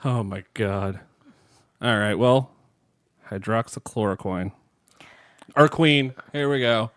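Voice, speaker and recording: A man's voice: lowish voice, slow, no room sound, clean studio sound. A man co-hosting a podcast, joking around and tripping over long drug names in a casual chat. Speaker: podcast co-host.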